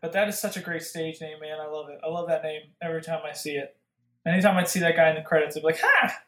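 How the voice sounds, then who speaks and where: A man co-hosting a casual movie podcast, excitable and quick to laugh. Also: fairly high pitch, reverberant. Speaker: podcast co-host.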